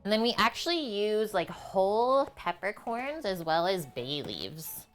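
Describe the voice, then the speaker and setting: A woman's voice: mid-range voice, big pitch swings, unhurried, soft background music. A young woman hosting a casual cooking livestream, chatting with viewers while she preps food in her home kitchen. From half French. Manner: chatty, reads and answers chat while cooking.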